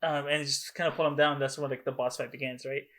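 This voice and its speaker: Young male co-host, bright and excitable, swears freely, casual video-call podcast. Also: medium pitch, fast. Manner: excitable, swears a lot, animated storytelling. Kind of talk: casual chat.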